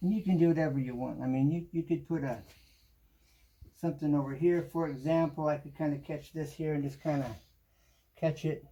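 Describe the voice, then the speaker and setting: This man's fairly high, brisk voice carries a home improvement how-to show. He chats easily while he works and leans on the word "kinda" again and again.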